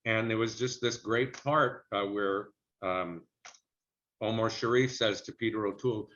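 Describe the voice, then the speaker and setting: A low-voiced middle-aged man spins a relaxed, chatty anecdote about his acting career during an interview. The recording sounds a little muffled and lo-fi. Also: a little slow. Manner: chatty anecdotal storyteller who slips into character voices for quotes. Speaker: actor telling a career story.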